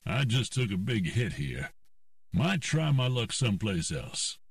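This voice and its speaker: Easygoing joking card player, voiced by a man, lively delivery. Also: on the low side, unhurried, dry recording, clean studio sound, recorded from a distance, voice pushed up, full character voice. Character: confident male gambler.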